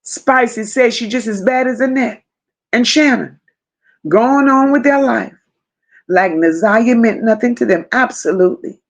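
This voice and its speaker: A woman's voice: on the high side, unhurried. A woman hosting a live stream, reading viewer comments and reacting with emphatic repetition. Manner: emphatic, repeats phrases, chats to viewers by name. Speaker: host reading live chat.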